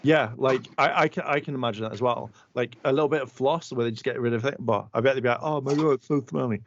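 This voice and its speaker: A man's voice: mid-range voice, fast talker, a little hiss or hum. A man co-hosting a podcast, telling a rambling story in casual chat and swearing freely. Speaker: podcast co-host. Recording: dull, muffled audio.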